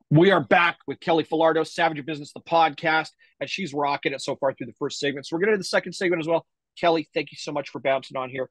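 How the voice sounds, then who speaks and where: Podcast host guy, husky voice, slangy and upbeat, bit tired, dry close sound. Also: on the high side, no room sound, low-quality recording. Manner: energetic, slangy. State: a little tired. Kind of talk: casual interview.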